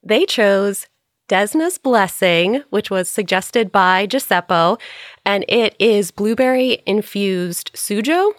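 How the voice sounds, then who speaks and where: A woman's voice: medium pitch, expressive, slow, dry recording, studio quality. A woman chatting on a podcast, rambling through a long story. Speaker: podcast player. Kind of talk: casual chat.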